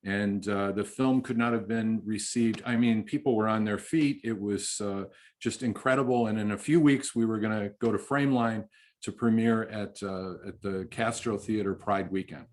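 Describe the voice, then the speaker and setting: A man, a film director, answering interview questions in a halting, heartfelt way with many restarts. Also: on the low side, steady tone, a little mellow.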